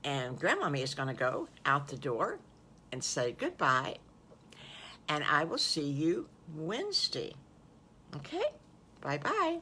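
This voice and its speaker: An older woman improvising a children's story in a folksy, animated way, full of exclamations. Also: deep voice, a little slow, pauses often, a little hiss or hum.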